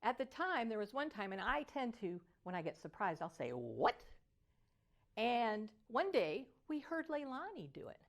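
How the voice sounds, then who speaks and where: An older woman voice coach giving a motivational teaching talk, animated and at times singing phrases to show melody. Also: fairly high pitch, moderate pace, few pauses.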